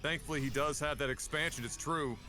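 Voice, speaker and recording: A man co-casting a strategy video game in casual commentary, reacting with loud exclamations. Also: fairly high pitch, fairly quick. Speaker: game co-caster.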